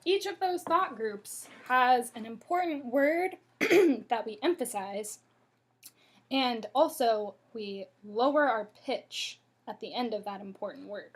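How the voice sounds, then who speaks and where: A woman teaching a pronunciation lesson to a class, speaking deliberately and demonstrating rises and falls in her voice. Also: a little high, animated, husky. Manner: slow, deliberate, demonstrating intonation.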